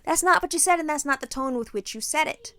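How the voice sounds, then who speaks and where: Brash, high-pitched woman co-host. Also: animated, fast, fairly bright tone, no room sound. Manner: brash, profane, emphatic ranting. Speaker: podcast co-host. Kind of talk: casual chat.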